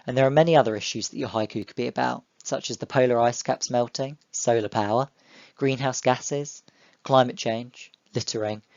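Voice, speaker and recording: A young male teacher giving an online lesson to children, explaining step by step in a clear, encouraging way. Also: medium pitch, a little mellow, no echo, highs cut off. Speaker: primary school teacher.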